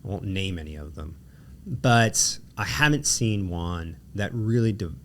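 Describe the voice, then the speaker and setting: A man's voice: low-pitched, unhurried, slight background noise. A man with a Gulf South accent hosting a casual interview, telling stories and acting out quotes. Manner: animated storyteller, acts out quotes. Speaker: podcast host, lawyer.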